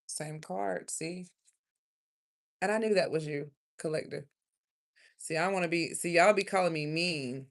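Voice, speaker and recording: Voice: medium pitch, measured pace, vocal fry, pauses often. A tarot reader from South Carolina, giving a rambling, emotional, chatty card reading in a casual livestream.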